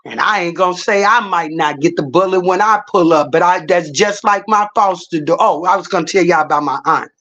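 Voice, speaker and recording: A woman's voice: lowish voice, a little fast, hardly any pauses, a bit bright, highs cut off. A middle-aged woman livestreaming, telling stories in a blunt, profane, casual rant.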